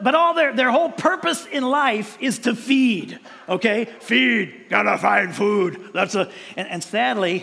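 A man's voice: sits high, fairly bright tone, long reverb tail. A male pastor preaching a sermon in a conversational way, with frequent restarts and playful mimicked voices.

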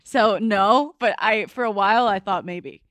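A woman's voice: mid-range voice, measured pace, a bit bright, no room sound. Woman guest on a podcast, rambly, goes off on tangents, dry close sound. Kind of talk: casual chat.

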